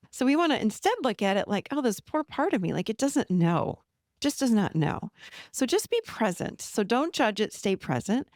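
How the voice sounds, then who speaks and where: A woman in her forties, a podcast host and therapist, giving a teaching self-help talk in a gently reassuring, animated coaching manner. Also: a little high, no room sound, studio quality.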